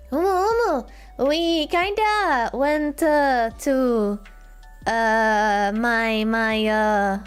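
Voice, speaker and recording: A woman streamer chatting casually with her viewers in a bubbly, giggly way, repeating her greetings again and again. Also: high voice. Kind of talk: casual livestream chat.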